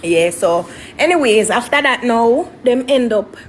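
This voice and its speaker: A young woman, a guest telling her story in an interview in an animated, dramatic way. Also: fairly high pitch, unhurried, a little hiss or hum. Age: young adult.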